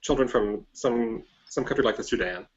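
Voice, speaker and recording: Man, podcast host, raspy voice, short reactions, muffled lo-fi audio. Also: medium pitch, normal speed. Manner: brief reactive interjections. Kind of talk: podcast interview.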